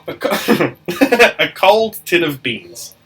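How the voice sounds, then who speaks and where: Animated, bright-voiced man. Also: high-pitched, slow pace, rough recording. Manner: animated, sweary, laughs often. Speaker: podcast co-host, barber. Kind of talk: casual storytelling chat.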